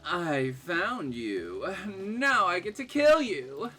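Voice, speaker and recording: A woman's voice: on the low side, big pitch swings, takes it slowly, pushed and bright, soft background music, full character voice. A woman voicing a playful, menacing female killer in a dating game, drawing out her teasing threats.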